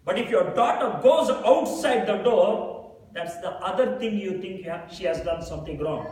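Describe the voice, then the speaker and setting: A man's voice: high voice, normal speed, darkish tone. A man preaching a sermon, retelling a story with quoted dialogue and then explaining it plainly to the congregation. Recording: very echoey room, mic far away.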